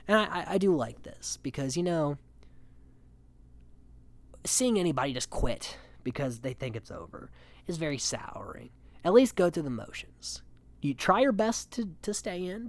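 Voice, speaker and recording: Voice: medium pitch, lively intonation, moderate pace. A podcast host recapping a reality show in casual, rambling chat, giving strong opinions with lots of filler words. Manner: rambling, opinionated, heavy on "you know" fillers.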